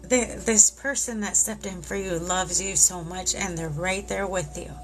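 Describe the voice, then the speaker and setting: A woman doing a live tarot reading who speaks warmly and reassuringly and keeps tearing up. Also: on the low side, steady tone, a little slow, music in the background. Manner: emotional, tearful, reassuring. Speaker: tarot reader.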